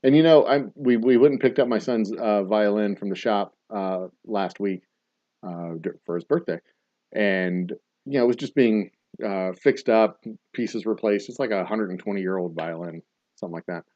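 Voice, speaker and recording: A man's voice: fairly low pitch, normal speed, warm tone, no echo. A man hosting a casual trivia night, reading out answers and rambling into dad jokes and asides. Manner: jokey, rambling dad-joke storyteller. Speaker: trivia host. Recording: dull, dry lo-fi sound.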